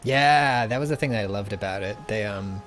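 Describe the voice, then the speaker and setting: A man co-hosting a casual gaming stream, musing aloud in halting, rambling sentences. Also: fairly low pitch, a bit bright, faint music behind. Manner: rambling, halting, restarts words. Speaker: stream co-host.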